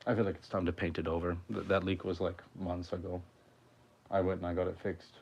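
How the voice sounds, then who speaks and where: A man's voice: low voice, level tone, fairly quick, gravelly, husky. A man musician chatting casually on a livestream from his home, rambling and swearing a lot. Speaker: musician streamer.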